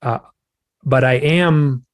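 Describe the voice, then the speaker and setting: A man, a guest author, recounting a personal experience in conversation, acting out his own shouted lines as he tells it. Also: medium pitch, takes it slowly. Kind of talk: telling a personal story in a conversation.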